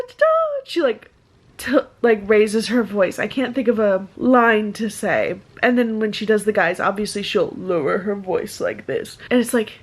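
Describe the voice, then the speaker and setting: A young woman vlogging casually about her reading, chatty and rambling with lots of fillers. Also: a little high. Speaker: book vlogger. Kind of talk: casual vlog chat.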